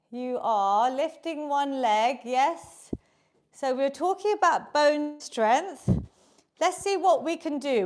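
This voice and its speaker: High-voiced woman coaching a workout. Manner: encouraging, cueing moves and counting reps. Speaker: fitness instructor. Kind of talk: coaching a live online exercise class.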